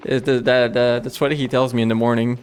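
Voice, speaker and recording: A man's voice: medium pitch, darkish tone, a little hiss or hum. A man streaming a game live, chatting casually and rambling with many restarts and fillers. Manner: rambling, halting with frequent restarts.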